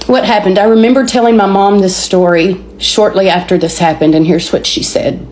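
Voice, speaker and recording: A woman's voice: mid-range voice, fairly even intonation, a little mellow. Southern woman telling a testimony in a roomy space. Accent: Southern American. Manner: storytelling, repeats and restarts words, dramatic pauses. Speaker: speaker sharing a testimony. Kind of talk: emotional personal testimony. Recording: roomy echoey recording.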